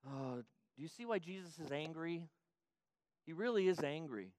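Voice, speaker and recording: Brief: older man, pastor, emphatic repetitive sermon, higher voice, dry close sound. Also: lively intonation, normal speed, pauses often, dry recording. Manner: emphatic, repetitive preaching that often restarts and rises to loud peaks.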